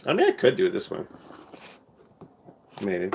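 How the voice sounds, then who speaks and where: A man's voice: low-pitched, wildly swooping pitch, normal speed, creaky, pauses often, very noisy. Spoken word poet, male: easygoing asides between rhythmic, repeated verses, recorded on a phone in an echoey room. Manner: casual rambling talk between chanted, repeated poem lines. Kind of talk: live-stream spoken word performance. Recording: roomy echo.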